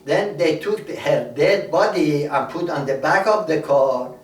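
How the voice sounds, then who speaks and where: A man's voice: fairly high pitch, expressive, measured pace. Preacher man in an echoey room. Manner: storytelling, repeats key words for emphasis. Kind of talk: sermon. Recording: echoey room, voice a bit far from mic, faint ambience.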